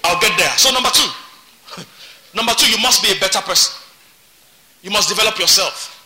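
A man's voice: sits high, fairly quick, background noise. A man preaching a sermon as pastor, emphatic and repeating his words. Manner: emphatic, repeats words, laughs between points.

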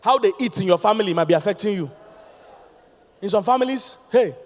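With a high voice and a fairly quick pace, a man with a Nigerian accent delivers a sermon as pastor in a large hall. He keeps it lively and emphatic, tossing questions to the people listening.

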